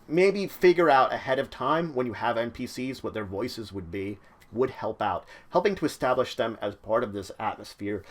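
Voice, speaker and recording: A man hosting his own channel, explaining game-mastering tips in a loose, conversational way with frequent fillers. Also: mid-range voice. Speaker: channel host giving game-mastering advice. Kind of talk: casual instructional talk.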